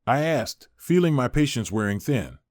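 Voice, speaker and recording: A man narrating a first-person story in a steady, expressive reading. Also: mid-range voice, normal speed, dry recording, clean studio sound.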